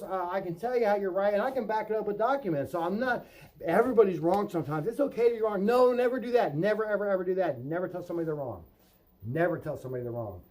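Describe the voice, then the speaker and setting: Emphatic roofing sales coach. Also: male voice, fairly high pitch, dark tone, low-quality recording. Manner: emphatic coaching, role-plays customer and salesman lines; repeats "right?" to check in with viewer. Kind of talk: instructional vlog.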